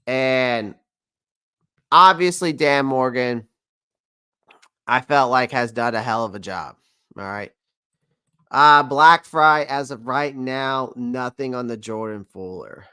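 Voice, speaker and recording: Guy doing a casual football stream, crisp bright voice, dry close mic, kinda rambly. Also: mid-range voice, slow pace, pauses often, no room sound. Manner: rambling, repeats himself, reads viewer comments aloud. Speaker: sports talk host. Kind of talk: casual live-stream sports talk.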